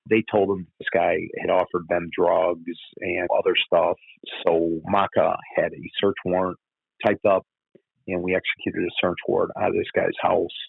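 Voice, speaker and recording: A former police officer tells his stories bluntly in an interview, swearing plenty, in a low, gravelly voice with a breathy edge. The sound is tinny and phone-like, completely dry with no room sound.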